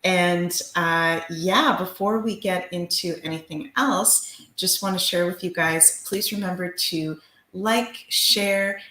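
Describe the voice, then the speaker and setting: A low-pitched woman co-hosts a livestream in casual chat. She talks in an upbeat, gushing way. Her voice rings out in a noticeably echoey room. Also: slow pace, sharp tone. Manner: upbeat, gushing promotional talk. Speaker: livestream co-host.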